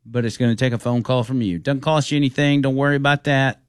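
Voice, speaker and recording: A man's voice: medium pitch, fairly even intonation, quick pace, clean tone, dry recording, clean studio sound. A man hosting a live radio talk show, reading ads and taking calls in an easygoing, folksy way.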